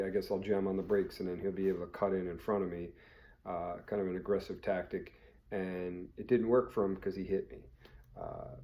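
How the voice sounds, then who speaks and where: Blunt low-voiced man, casual talk. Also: warm tone. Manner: blunt, conversational, swears freely. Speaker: firearms trainer. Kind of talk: casual vlog storytelling.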